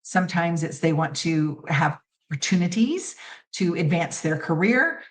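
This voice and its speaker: A woman's voice: lowish voice, expressive, normal speed, low-quality recording. A middle-aged woman talks through interview questions as a seasoned pageant judge and coach. She sounds confident and emphatic, slips into quoted voices to make a point, and laughs easily. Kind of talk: conversational interview answers.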